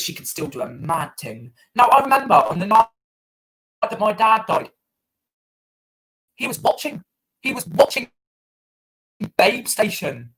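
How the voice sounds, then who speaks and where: A man's voice: high-pitched, fairly bright tone, breathy edge, low-quality recording. A man doing crude, rambling improvised stand-up over an online call, full of fillers and hesitations. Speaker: stand-up comedian.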